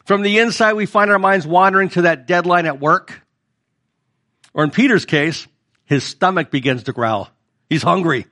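High-voiced man preaching a sermon. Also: pushed and bright. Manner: conversational preaching, asks the congregation questions. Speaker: pastor.

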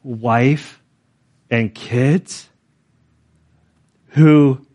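A man preaching a sermon, telling stories in an animated, chatty way with many filler words. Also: mid-range voice, drawn-out words. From United States. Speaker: pastor. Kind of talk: sermon with storytelling.

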